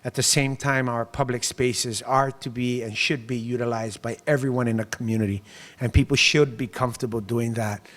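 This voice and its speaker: A man giving a public speech to a business group as mayor, telling stories in an animated way and acting out other people's lines. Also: medium pitch, normal speed. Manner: animated storytelling, acts out quoted voices with laughs. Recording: long hall reverb.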